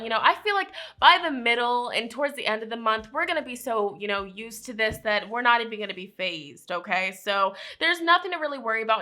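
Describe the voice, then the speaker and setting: A woman's voice: a little high, bright, forceful tone. A woman giving a casual weekly tarot forecast, chatty and playful, often checking in with listeners. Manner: playful slang and quick laughs. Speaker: tarot reader.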